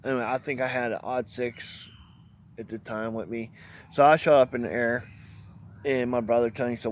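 A man's voice: medium pitch, flat delivery, moderate pace, slight background noise. A man telling a hunting story in a rambling, folksy way, laughing often and cursing now and then. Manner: plainspoken, mild cursing. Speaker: outdoors vlogger. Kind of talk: casual storytelling.

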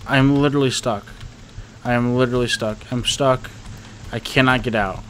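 A man's voice: mid-range voice, fairly even intonation, moderate pace, fairly bright tone, slight background noise. A young man giving rambling, nervous let's-play commentary to his viewers, often panicking and talking to himself. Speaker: gaming YouTuber.

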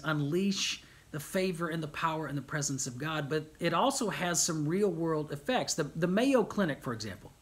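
A middle-aged man preaching a sermon, animated, with rhetorical questions and repeated phrases. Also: on the high side. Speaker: pastor.

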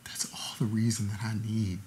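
An actor playing a hurt ex-fiancé who swings from low, quiet words to cracking shouts. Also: male voice, big pitch swings, normal speed, a little hiss or hum. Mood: heated, wounded. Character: hurt ex-fiancé, proud and wounded. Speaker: jilted ex-fiancé. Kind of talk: romantic drama acting.

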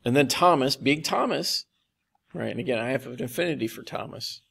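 A man preaching a conversational sermon as pastor, slowing down to repeat key phrases with emphasis. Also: medium pitch, vocal fry, fairly bright tone, husky. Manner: conversational, with slow, emphatic repetition.

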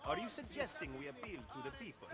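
A man's voice: high-pitched, big pitch swings, fast talker, long reverb tail. An actor voicing a wry, skeptical middle-aged male ally who spars in conversation in a video game. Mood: dry. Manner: dry, sparring, skeptical.

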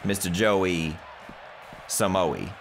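A man's voice: low-pitched, very slow, gravelly, a little hiss or hum. A man casually narrating his own video game play, joking and muttering to himself as he goes. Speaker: gaming YouTuber. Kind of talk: let's play commentary.

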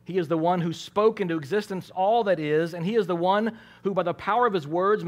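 A pastor preaching a sermon, swinging between hushed, quiet lines and loud, emphatic ones, and sometimes repeating words as he restarts a phrase. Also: high-pitched, fairly quick, few pauses.

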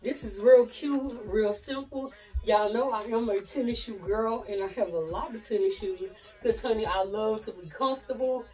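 A woman's voice: a little high, normal speed, darkish tone, far from the mic, soft background music, low-quality recording. A woman from Nashville with a Southern accent, chatting casually to camera about her outfits. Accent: Southern American. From Nashville, USA. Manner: chatty, keeps saying "y'all" and "honey". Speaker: fashion vlogger. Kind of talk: casual try-on chat to camera.

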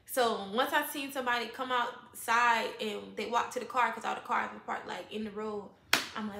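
Bright-voiced young woman telling a storytime. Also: a little high, normal speed, vocal fry, reverberant. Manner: profane, expressive, acts out quoted voices. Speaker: vlogger. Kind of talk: animated storytime.

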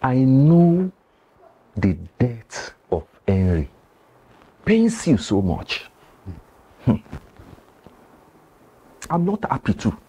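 An actor playing a grave, cautious male village elder with a Nigerian accent, who pleads slowly and speaks in proverbs. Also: mid-range voice, very animated, dark tone, breathy edge, heavily acted. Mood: solemn.

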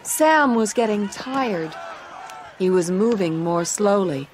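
A woman narrating a graded English story for learners, reading in a slow, clear and deliberate way. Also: on the low side, animated, some chatter behind.

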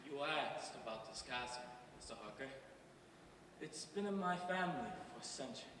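A man's voice: medium pitch, lively intonation, normal speed, noisy background, close to an everyday voice. A man playing the vampire Dracula, a proud and boastful old count, in a grandiose stage monologue. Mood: brooding. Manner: grandiose, swells to shouting. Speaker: stage actor. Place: school stage. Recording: echoey hall from far off.

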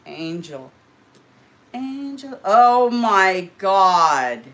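A woman hosting a casual live stream, chatting to viewers and gushing with excitement as she opens mail. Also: medium pitch, very slow. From California. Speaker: channel host.

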